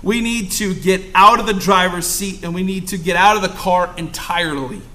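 High, bright-voiced impassioned male preacher. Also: moderate pace. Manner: impassioned, swings from loud exclamations to hushed asides. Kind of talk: sermon.

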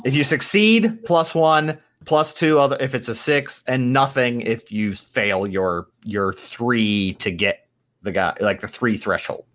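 Game master, slow delivery, hesitant, measured rulings. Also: medium pitch, a bit bright. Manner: measured, hesitant, thinking aloud over rulings. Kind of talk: running a tabletop game.

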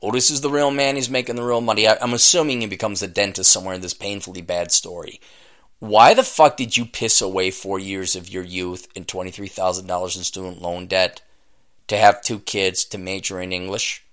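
A man hosting a podcast, ranting scornfully and profanely at an article he reads aloud, often bursting into shouting. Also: low voice, fairly even intonation, brisk. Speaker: podcast host. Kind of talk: comedic rant reacting to a read-aloud article.

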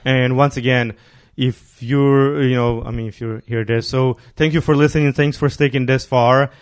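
A man's voice: medium pitch, fairly even intonation, moderate pace, smooth, no echo, clean studio sound. A man hosting a casual podcast, rambling and laughing as he tells stories and thanks listeners. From immigrant who arrived near his teens. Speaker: podcast host.

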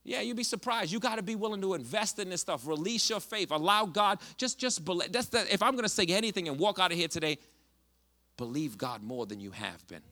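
A male pastor preaching a sermon, passionate and conversational, swinging from hushed asides to loud bursts. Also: sits high, expressive, fast, hardly any pauses. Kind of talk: preaching a sermon with a personal story.

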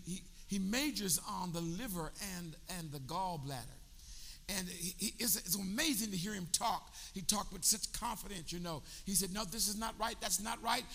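An older pastor with a high, gravelly voice and a sharp tone preaches in a church sanctuary, drawing call-and-response answers from his congregation. Long church hall reverb surrounds him.

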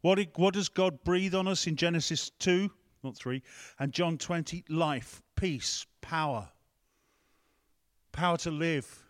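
A man's voice: a little high, unhurried. A man preaching a conversational sermon, breaking off to ask the room and the tech team for help. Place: church hall with a screen.

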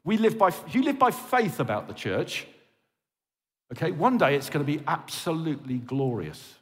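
Preaching as a pastor in a reverberant hall, an Englishman sounds impassioned and pleading, checking on his listeners with frequent "okay?" His voice is a little high and very animated, at normal speed.

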